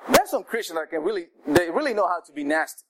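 A man preaching a sermon in a conversational, animated way, with asides to the congregation. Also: high-pitched, fast, slight background noise, poor audio.

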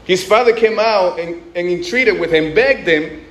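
Man, high voice, conversational sermon, frequent restarts, echoey room. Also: normal speed, a bit bright. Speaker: pastor.

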